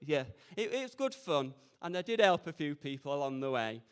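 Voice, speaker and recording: High smooth-voiced young guy from up north doing camp stand-up at an open mic, cheeky. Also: sing-song, brisk. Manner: cheeky, self-deprecating, camp. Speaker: stand-up comedian. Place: community radio open mic event.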